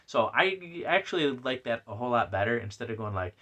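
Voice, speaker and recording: A man's voice: lowish voice, animated, moderate pace, fairly bright tone. A man hosting a casual solo comic review podcast, rambling and chatty with lots of fillers and restarts. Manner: reads out messages with playful put-on voices. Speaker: podcast host.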